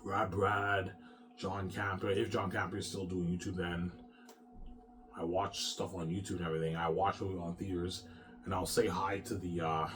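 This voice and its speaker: A man's voice: low voice, steady tone, normal speed, noisy background. A man rambling through a profane personal monologue, often stammering and repeating himself. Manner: repetitive, profane, stammering restarts. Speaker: vlogger.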